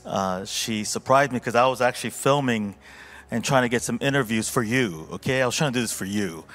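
A man's voice: medium pitch, fairly quick, a bit bright. A man pastor speaking informally at a church service, telling a heartfelt story with many fillers and restarts. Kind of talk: informal church testimony and reflection.

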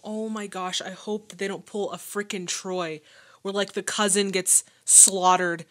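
A young woman hosting a casual movie reaction, gushing and excitable with slangy remarks. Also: medium pitch, a little slow, a little hiss or hum.

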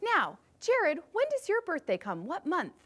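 A woman music teacher leading a children's music lesson, upbeat as she guides the class through movement warm-ups. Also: very high-pitched, wildly swooping pitch, a little slow, crowd noise.

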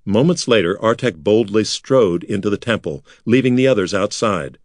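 Low-voiced man narrating a storybook. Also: animated, moderate pace, no echo, studio quality. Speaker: audiobook narrator. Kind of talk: scripted narration.

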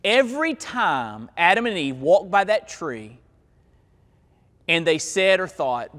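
A male pastor preaching a sermon in a church, stressing key words and stretching them out slowly. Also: high-pitched, sing-song, fairly bright tone. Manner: emphatic preaching with slow, drawn-out key words. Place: church sanctuary. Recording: long hall reverb.

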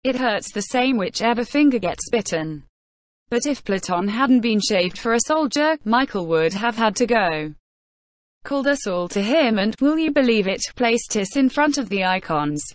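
A woman reading the part of a gentle, pious old peasant soldier, talking in a folksy, homespun way. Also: fairly high pitch, lively intonation, normal speed, no room sound, natural voice. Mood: musing.

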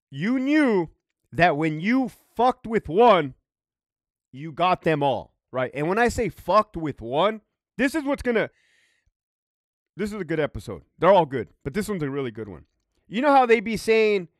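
Animated ex-prison guard telling stories. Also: male voice, high voice, no room sound, studio quality. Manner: profane, emphatic, conversational with frequent "right?". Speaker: former prison guard storyteller. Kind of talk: casual storytelling monologue.

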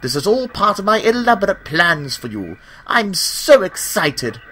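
A man's voice: high voice, very animated, a little slow, bright, forceful tone, slightly rough, voice pushed up, exaggerated voice. A man voicing a cheerful, pompous male aristocrat in a storybook tale. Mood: excited. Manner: pompous, enthusiastic.

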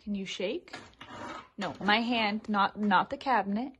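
A woman in her twenties vlogging at home, giving her dog commands in a raised pet-talk voice and chatting quietly to the camera. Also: mid-range voice, measured pace, lo-fi sound, a little hiss or hum. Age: 20s. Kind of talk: casual vlog, training her dog. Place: home, indoors.

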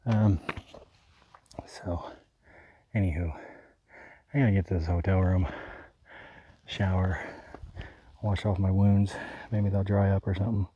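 A man's voice: sits low, level tone, measured pace, long pauses, dark tone, breathy edge, dull audio. A man hiking a long trail and talking to the camera in a casual vlog, with wry, self-mocking commentary on his day outdoors. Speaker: long-distance hiker vlogging.

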